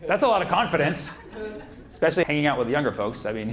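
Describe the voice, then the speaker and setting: A man's voice: fairly high pitch, lively intonation, quick pace. A male stand-up comedian delivering a mock-serious, conspiratorial routine on a comedy club stage.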